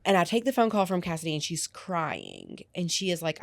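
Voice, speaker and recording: A woman's voice: on the low side, creaky, no room sound. A woman with a slight lisp, co-hosting a podcast and telling a story in casual chat, quoting people as she goes. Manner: animated, quick retelling with quoted voices. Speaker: podcast co-host.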